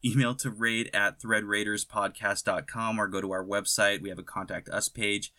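A man hosting a podcast in casual banter, sarcastic and quick to argue, swearing now and then. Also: on the low side, flat delivery, bright, forceful tone. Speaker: podcast host. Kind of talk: casual chat.

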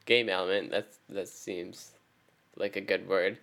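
A man with a fairly low voice co-hosting a gaming chat. He speaks in short, easygoing replies and agreements. His delivery stays relaxed and unhurried. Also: creaky. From Canada. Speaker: co-host. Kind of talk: casual gaming commentary.

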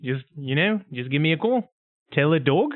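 A man with a high voice speaks in a put-on New Zealand accent, joking and laughing as he plays a tabletop game in character. The sound is thin and tinny, like a phone line. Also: animated, normal speed, dry recording. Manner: jokey, laughing often. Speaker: player.

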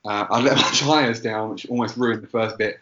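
A man's voice: on the low side, steady tone, moderate pace, fairly bright tone. A man telling a rambling, self-deprecating story in casual podcast chat. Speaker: podcast co-host. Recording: roomy, dull lo-fi sound.

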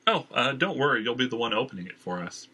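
A man's voice: medium pitch, sing-song, fast talker, sharp tone, slightly rough, full character voice. A man reading an audiobook, voicing an earnest young man adventurer who talks bluntly.

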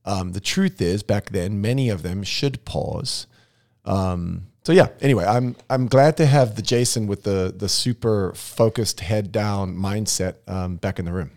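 A man's voice: lowish voice, unhurried, gravelly, darkish tone. A man hosting a casual conversation about real estate, thoughtful and meandering, often restarting his sentences. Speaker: podcast host. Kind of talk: casual interview chat.

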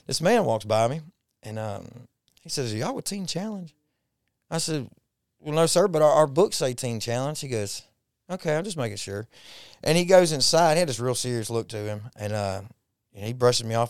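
A man's voice: medium pitch, gravelly, dry recording, studio quality. A man telling a personal faith story in a folksy, repetitive way on a podcast. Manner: folksy Southern-style storytelling, repeats himself when moved. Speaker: podcast guest.

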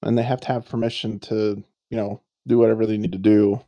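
Male co-host, gravelly low-key storyteller, swears and mimics people in his anecdotes. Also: little pitch movement, a little fast, dark tone, dry recording, dull audio. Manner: swearing, laughing, acts out quoted voices. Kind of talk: casual storytelling chat.

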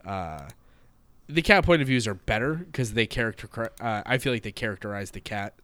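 A man's voice: fairly low pitch, animated, normal speed, fairly bright tone, dry recording. A man co-hosting a casual podcast, often restarting words and laughing at his own blunt jokes. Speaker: podcast co-host. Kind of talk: casual chat.

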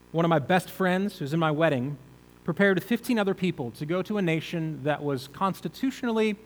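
A man's voice: on the high side, fairly bright tone. Man preaching with a long hall reverb. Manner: conversational preaching with rhetorical questions. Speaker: pastor. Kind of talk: sermon.

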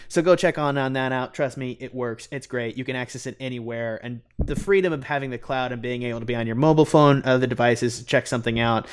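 A man hosting a podcast chats casually about films. He rambles, piling up fillers as he talks. His voice sits at an ordinary middle pitch. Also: fast talker, hardly any pauses, smooth. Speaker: podcast host. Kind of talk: casual chat and host-read ad.

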